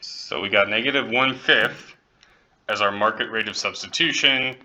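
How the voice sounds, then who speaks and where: A man's voice: on the low side, moderate pace, bright, forceful tone, rough recording. A man teaching economics, working through a problem step by step and checking in with students, with the occasional joke. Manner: light, joking asides. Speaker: economics professor. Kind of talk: classroom lecture.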